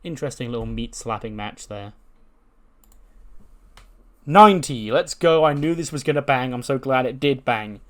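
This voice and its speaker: A man's voice: mid-range voice, moderate pace, pauses often. A man casually recapping a wrestling sim game, with plenty of fillers and swearing. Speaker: game channel host. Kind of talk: casual let's-play commentary.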